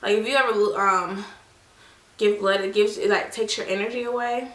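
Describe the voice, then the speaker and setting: Telling a personal story to her viewers, a young woman vlogger settles a baby at home and chats casually, saying "you guys" and "y'all" and doing voices for people in the tale. Her fairly bright voice sits at medium pitch with fairly even intonation and normal speed, captured by a distant mic in an echoey room.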